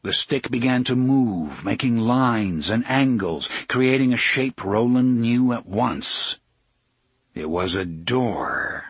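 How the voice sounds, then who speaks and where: Very husky man reading a story. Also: medium pitch, expressive, slow, dry recording. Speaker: audiobook narrator. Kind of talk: scripted narration.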